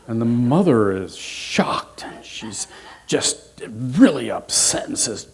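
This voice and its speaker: A man, a minister, giving a sermon and telling a story in an unhurried, expressive way. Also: fairly low pitch, husky. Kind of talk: sermon with a told joke.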